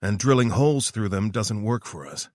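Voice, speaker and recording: A man's voice: lowish voice, lively intonation, moderate pace, no room sound, studio quality, close to an everyday voice. A man voicing a curt, practical soldier. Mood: dry. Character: blunt, practical male soldier.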